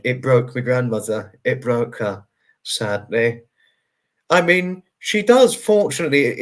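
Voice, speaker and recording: A man hosting a livestream, answering viewer comments in a casual, rambling way. He sounds tired and talks earnestly, with many fillers, as he reassures his viewers. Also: mid-range voice. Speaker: livestream host.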